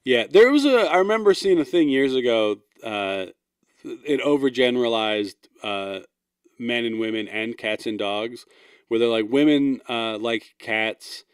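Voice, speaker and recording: A man's voice: medium pitch, animated, measured pace, clean tone, dry recording, studio quality. Rambling self-deprecating man chatting. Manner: rambling, self-deprecating, laughs mid-sentence. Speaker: podcast co-host. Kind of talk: casual chat.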